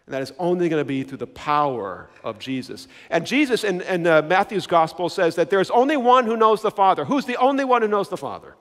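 Male pastor preaching, pretty high voice, really animated, long echo like a big hall. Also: a little fast. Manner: emphatic, repeats key words, asks the congregation questions. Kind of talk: sermon.

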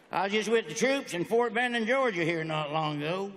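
A man's voice: high voice, lively intonation, a little fast, hardly any pauses, a bit bright. A man in his forties doing a stand-up comedy routine with folksy, punchy joke delivery in a large auditorium. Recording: echoey hall with faint noise.

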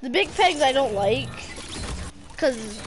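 A young woman playing a video game with a friend, yelling, swearing and joking. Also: high-pitched, expressive, slow pace, background noise. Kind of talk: casual gaming chat.

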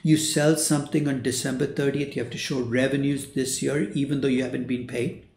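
An older male professor explains finance in a conversational classroom way. He answers the questions he imagines students asking and repeats the points that matter. His mid-pitched voice sits in a noticeably roomy, echoey space. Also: fairly even intonation, a little fast, gravelly, a little mellow. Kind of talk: recorded lecture. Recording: roomy echo.

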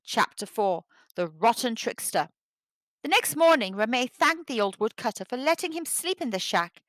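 Storyteller, female, fairly high voice, animated delivery, dry close sound, children's read-aloud. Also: normal speed, dry recording.

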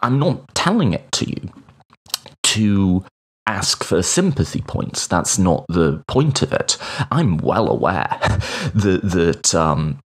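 A man's voice: deep voice, big pitch swings, slow pace, slightly rough. A man in his thirties, hosting a solo podcast and telling a personal story in a reflective way, with hesitations. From United Kingdom. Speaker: podcast host.

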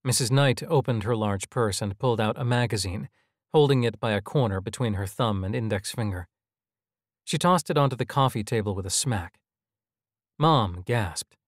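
A man narrating a scripted audio drama in an even, measured storytelling manner. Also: fairly low pitch, no echo, clean studio sound.

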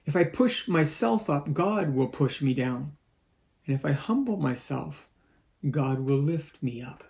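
Male pastor preaching a sermon: gravelly, warm tone, slightly high-set voice, measured and earnest. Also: animated, low-quality recording. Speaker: lead pastor. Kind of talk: sermon with scripture reading. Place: church.

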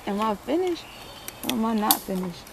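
A woman's voice: on the high side, very animated, normal speed, vocal fry, noisy background. A winded woman vlogging outdoors on a treetop ropes course, exclaiming and laughing as she narrates with a handheld camera. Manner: exclaiming, laughing, swearing, narrating her own struggle. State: out of breath. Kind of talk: casual self-filmed vlog.

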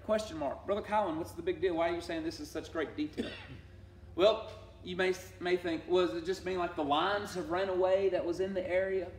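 Emphatic preacher in an echoey church. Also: male voice, high voice, steady tone, a little fast, a little hiss or hum. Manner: emphatic, swings from loud declarations to hushed asides. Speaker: Bible study teacher. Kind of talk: sermon-style Bible study. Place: church sanctuary. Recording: echoey church room from far off.

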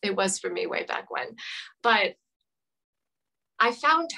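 Woman guest telling her story, heartfelt, bright and a bit high. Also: a little slow, gravelly, pauses often, poor audio. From Rhode Island. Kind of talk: emotional personal story in interview.

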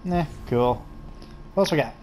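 A man's voice: on the high side, moderate pace, background noise. Casual joking male game streamer. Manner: joking, swears, talks to himself. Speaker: gameplay streamer. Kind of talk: casual gameplay commentary.

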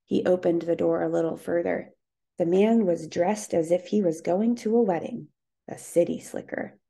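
Gravelly low-voiced woman reading a story. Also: moderate pace, mellow. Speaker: audiobook narrator.

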